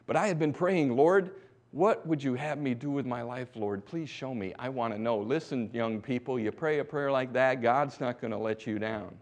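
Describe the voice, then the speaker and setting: A middle-aged preacher from the United States telling his story from the pulpit. His voice sits at an ordinary pitch for a man. He drops to near-whispers, then rises to loud, urgent exhortation. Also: moderate pace, hardly any pauses. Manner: exhorting, swinging from hushed to loud. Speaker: missionary preacher. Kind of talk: sermon testimony.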